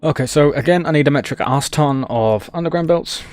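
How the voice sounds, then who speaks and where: A man's voice: a little high, brisk. A man streaming a game, rambling and self-mocking as he talks to himself while he plays. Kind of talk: casual gameplay commentary.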